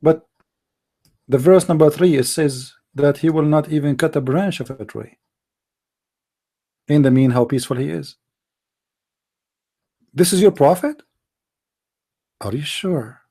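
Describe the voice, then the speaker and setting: A man with a fairly high, mellow voice and a breathy edge speaks unhurriedly, leaving long pauses. He hosts a live online call-in debate show, arguing heatedly in non-native English and pressing with one rhetorical question after another.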